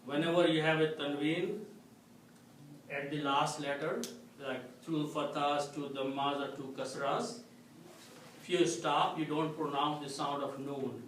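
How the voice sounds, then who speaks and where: A man teaching an Arabic grammar lesson to a class, explaining slowly and checking with a frequent "okay?". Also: a little high, fairly even intonation, a bit bright. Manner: slow, explanatory, repeats "okay?" to check understanding. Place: mosque classroom. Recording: echoey room, distant mic, faint noise.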